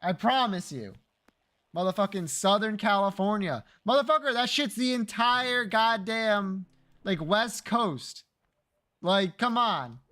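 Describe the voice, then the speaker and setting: Lively high-voiced male streamer. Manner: joking, teasing chat, swears freely. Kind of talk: casual live-stream chat.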